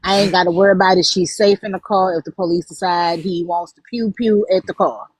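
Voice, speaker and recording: A woman's voice: lowish voice, steady tone, a little fast, breathy edge, no echo, poor audio. Blunt sarcastic woman, dry sound. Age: older. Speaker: co-host. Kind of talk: casual live-stream commentary.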